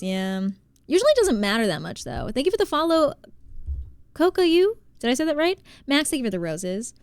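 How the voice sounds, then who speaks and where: A woman from New Jersey, live streaming and chatting casually while she plays, reading out and thanking her chat, quick to exclaim. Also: mid-range voice, clean tone, no echo.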